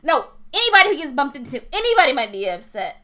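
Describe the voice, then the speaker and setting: A woman's voice: sits high, very animated, fast, sharp tone. A woman in casual chat, teasing and insistent, laughing often.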